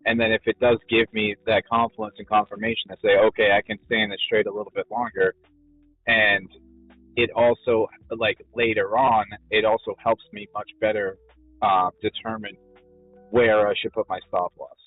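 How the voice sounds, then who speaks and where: A man with a lowish voice walks through his trading method in a halting, filler-heavy way, often restarting his sentences. His voice comes through a narrow, phone-like channel with faint music behind it. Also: little pitch movement. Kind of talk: casual explanation of trading strategy.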